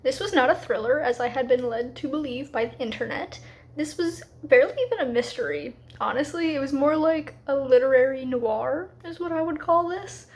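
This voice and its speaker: High-voiced chatty woman vlogger. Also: a little mellow. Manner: chatty, frequent fillers like "like"; quick, slightly rushed asides. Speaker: book vlogger. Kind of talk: casual reading vlog chat.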